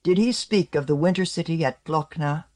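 A man voicing an alien envoy who speaks in a quiet, grave voice. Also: on the high side, moderate pace, pitched above the performer's own voice, close to an everyday voice.

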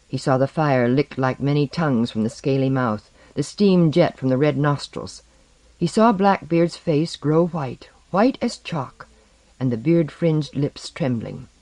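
Lively male storyteller. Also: mid-range voice, dry recording. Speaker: narrator. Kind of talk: audiobook reading of a fantasy story.

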